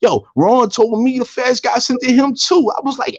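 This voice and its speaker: A man's voice: extremely high pitch, normal speed, few pauses, no room sound, highs cut off. A man on a heated live-stream call, ranting, repeating himself and swearing constantly. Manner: profane, heated, repetitive ranting. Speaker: guest on a live online panel.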